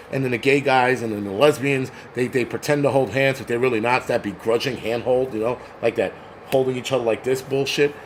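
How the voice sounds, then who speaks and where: A man's voice: mid-range voice, a little fast, a little hiss or hum. A man hosting a crude, angry livestream rant, mocking people as he goes. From New York. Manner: angry, crude, mocks others in put-on voices. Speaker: host.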